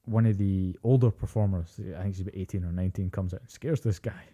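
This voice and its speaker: A young man co-hosting a podcast, telling an animated story in casual chat, swearing freely and acting out quotes. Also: low voice, fast, dull audio. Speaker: podcast co-host.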